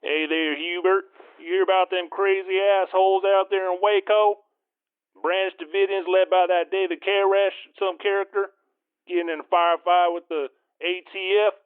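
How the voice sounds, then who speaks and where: A man putting on a high folksy caller on a phone line. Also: little pitch movement, normal speed, clear, resonant tone. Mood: gossipy. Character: male caller from the 1990s, gossipy.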